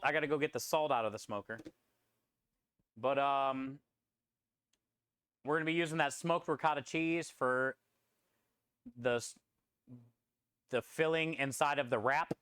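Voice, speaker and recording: A man's voice: on the high side, fairly bright tone, smooth, no room sound, clean studio sound. A man chatting casually on a live stream while he preps food in a food truck kitchen, rambling and answering chat. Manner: rambling, talks through prep and reads chat.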